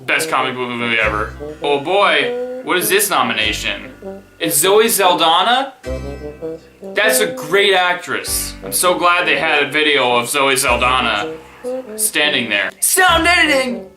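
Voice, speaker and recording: Sarcastic young man, mock-excited. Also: a little high, measured pace, roomy sound, over music. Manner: mock-enthusiastic, sarcastic, exaggerated. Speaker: comedic reaction vlogger. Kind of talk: sarcastic reaction commentary.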